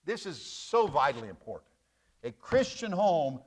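A man preaches a sermon with a high, bright voice, repeating key phrases for emphasis. He talks lively, in a joking, storytelling way as a pastor to his congregation. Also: moderate pace.

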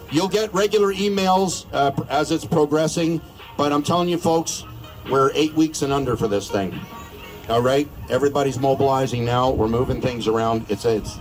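A man's voice: fairly high pitch, rough recording. A Canadian man giving a crude, joking, rousing speech at an outdoor rally. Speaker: rally speaker.

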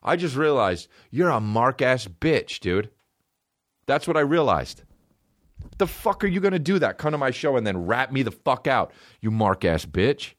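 A man voicing a hostile male cult leader who rants, curses and hurls insults in a high, strained voice. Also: sing-song, normal speed, lightly acted. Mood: angry ranting. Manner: profane, yelling insults.

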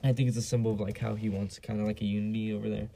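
Gravelly, dark-voiced young man ranting. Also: lowish voice, flat delivery, racing, rough recording. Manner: blunt, profane, rambling with many fillers. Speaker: podcast host. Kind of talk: casual solo podcast rant. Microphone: basic home mic.

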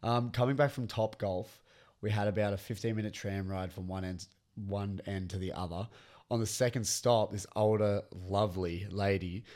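A man's voice: fairly low pitch, steady tone, normal speed, darkish tone. A young man co-hosting a casual podcast, reading listener stories aloud and laughing often. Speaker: podcast co-host.

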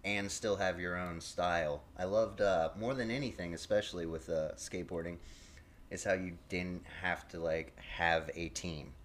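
Laid-back man with a very deep voice, casual chat, slight noise in the recording. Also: fairly even intonation, moderate pace, fairly bright tone. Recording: faint background noise.

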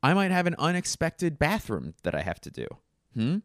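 Man, comedian, solo podcast, wry and self-mocking, dry close sound, very lively intonation. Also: on the high side, normal speed, no room sound.

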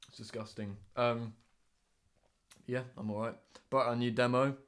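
A man's voice: mid-range voice, steady tone, moderate pace, a bit bright. Young man, dry teasing podcast banter. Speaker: podcast co-host. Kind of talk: casual chat.

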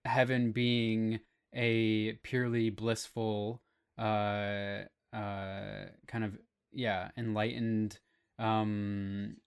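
Slow, hesitant low-voiced man. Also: flat delivery, creaky, clean tone. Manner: hesitant, searching for words, many fillers. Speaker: podcast guest. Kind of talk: casual chat.

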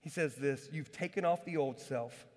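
A man preaching a sermon as pastor, telling stories with lively repeats and asides to the congregation. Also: on the high side, moderate pace. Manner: energetic storytelling with repetitions and asides. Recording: long hall reverb.

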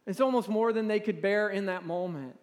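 A man in his forties preaching a sermon in a church, talking in a halting, conversational way with repeated words and drawing the audience to respond. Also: sits high. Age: 40s. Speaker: pastor. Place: large church hall. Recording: long reverb in a large hall.

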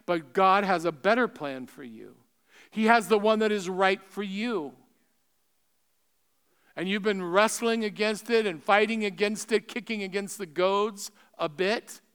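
Pastor, male, high resonant voice, impassioned sermon delivery with quiet appeals, long hall reverb. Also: smooth. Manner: impassioned, swelling then dropping to soft appeals. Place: church sanctuary.

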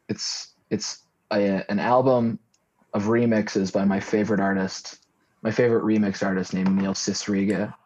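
Low husky young man, lo-fi. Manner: rambling, jokey, deadpan tall tales. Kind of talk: casual podcast chat. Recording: dull lo-fi sound.

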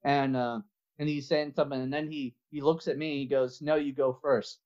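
A man's voice: mid-range voice, level tone, brisk, darkish tone, lo-fi sound. A man as a podcast guest in casual interview chat, laughing often while he tells stories.

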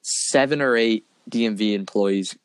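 Rambling through a lengthy personal story, a young man chats casually and keeps saying "like" and "dude." He speaks a little slowly in a fairly low, clean-toned voice with no echo.

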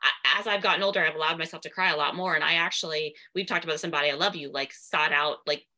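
A woman's voice: low-pitched, steady tone, rapid-fire, bright, forceful tone. A woman guest in casual podcast chat, rambling with many fillers.

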